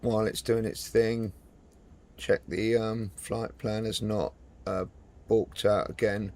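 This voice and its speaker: A man's voice: lowish voice, flat delivery, takes it slowly, creaky, darkish tone. A man streaming a flight simulator, chatting casually and muttering in frustration at his plane. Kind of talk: casual live-stream commentary.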